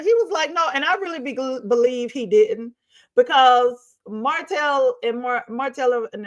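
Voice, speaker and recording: A woman hosting a talk show, commenting on reality TV in a chatty, gossipy, sassy way. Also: on the high side.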